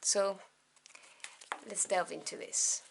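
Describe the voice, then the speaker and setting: A woman giving a tarot reading to camera, gentle and meandering, with many pauses and apologies. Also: medium pitch, steady tone, creaky, noisy background. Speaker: tarot reader.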